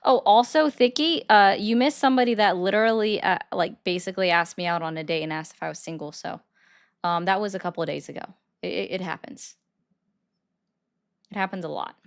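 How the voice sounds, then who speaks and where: A woman hosting a political commentary livestream and taking callers, talking bluntly and arguing back fast. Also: fairly low pitch. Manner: blunt, argumentative, quick comebacks.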